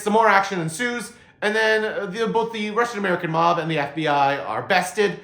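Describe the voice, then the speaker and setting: A man's voice: on the high side, fairly bright tone. Rambling male movie reviewer, roomy echo. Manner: meandering, many "uh" fillers and restarts. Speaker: movie reviewer, channel host. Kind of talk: casual spoken movie review.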